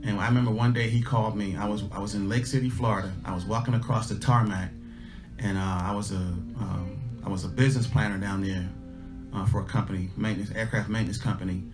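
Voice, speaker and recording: A man's voice: on the low side, fairly even intonation, quick pace, over music. A man, telling a personal story in an earnest, conversational way with many restarts. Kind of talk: casual storytelling talk.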